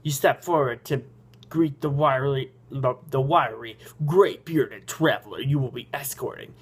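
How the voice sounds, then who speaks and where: A man's voice: mid-range voice, breathy edge. A man hosting a game channel, reading a story game aloud in a goofy, self-mocking way.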